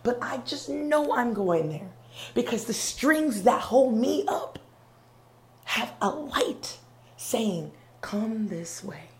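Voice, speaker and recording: A woman hosting a podcast, giving an earnest motivational monologue in a conversational way, often checking in with "okay?" and "right?" and sometimes dropping to a soft whisper. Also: on the high side, animated, slow. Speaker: podcast host. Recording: roomy with faint background hum.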